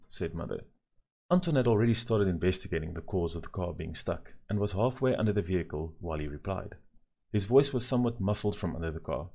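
A man narrating a children's story in a measured, gently expressive way. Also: sits low, creaky.

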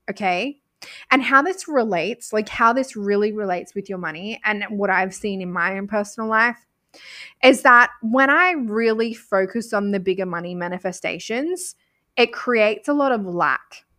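A woman with an Australian accent talks through a motivational podcast episode in a fairly high voice. She is expressive and casual, swears freely and stacks repeated words for emphasis. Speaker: podcast host.

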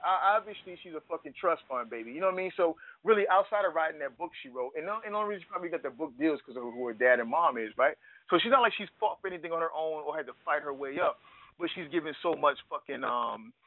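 A man rants in a heated, profane podcast chat and circles back to the same points again and again. His voice sits fairly high and dry. The audio is thin and phone-like. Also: expressive, fast talker, no echo. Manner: ranting, profane, repeats himself. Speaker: podcast co-host.

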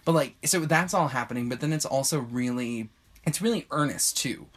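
A man's voice: mid-range voice, normal speed. A man co-hosting a podcast, chatting casually in a rambling way with lots of fillers and frequent laughter. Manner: rambling, heavy use of "like", lively and laughing. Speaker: podcast co-host. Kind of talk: casual chat.

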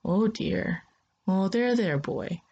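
A woman's voice: mid-range voice, lively intonation, slow pace, vocal fry, dark tone, highs cut off, slight background noise. A woman voicing a kind, poor, easily confused old male space pilot who mutters to himself and speaks in a folksy, soothing way.

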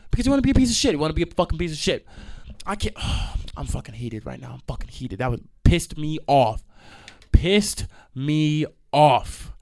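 A man's voice: on the high side, lively intonation, fast talker, vocal fry, darkish tone. A young man hosting a podcast, ranting in a heated, profane, emphatic way. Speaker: podcast host. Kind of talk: ranting monologue.

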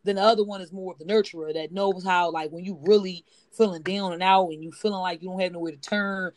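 A woman's voice: on the low side, fairly even intonation, fast talker, no echo. A woman co-hosting a casual podcast chat, telling a personal story with lots of fillers and AAVE speech. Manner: storytelling, rambling with many fillers. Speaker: podcast co-host.

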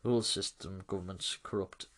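A man's voice: deep voice, fairly even intonation, fairly quick, fairly bright tone. A man giving a loose, chatty film recap, laughing and swearing as he goes. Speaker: film reviewer.

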